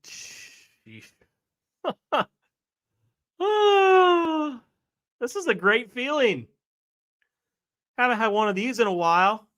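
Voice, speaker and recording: A bright, lively male voice, his pitch bouncing all over, talking slowly as he gushes into a computer mic on a live stream. He keeps apologizing and losing his train of thought, worn out from being sick. A slight lilt runs through it. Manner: excited, giddy, apologetic and rambling. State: recovering from a week of sickness, coughing.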